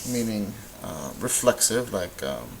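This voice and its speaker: A man with a low voice talks through a recorded grammar lesson. He explains in a relaxed way, filling pauses with ums and uhs. A faint hiss runs under the recording. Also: gravelly, rough recording. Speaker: Spanish teacher.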